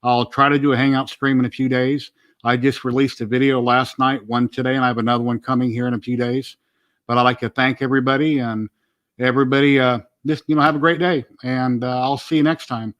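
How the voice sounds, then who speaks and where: A man's voice: medium pitch, little pitch movement, a little fast, fairly bright tone, lo-fi sound. A man hosting a casual livestream chat, plain-spoken and opinionated. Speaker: livestream host.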